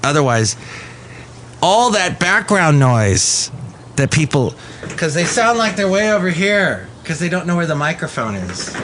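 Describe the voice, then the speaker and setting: Brief: male podcast host, playful and rambling, lively up-and-down pitch. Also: a little slow, slight background noise. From California. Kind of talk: casual chat.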